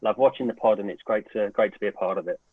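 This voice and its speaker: An English man joins a podcast over a video call, hesitant and full of fillers and restarts. His voice is mid-pitched, and the line sounds tinny and phone-like with a dry feel. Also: fast talker, no room sound. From United Kingdom. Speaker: podcast guest. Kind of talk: casual podcast chat.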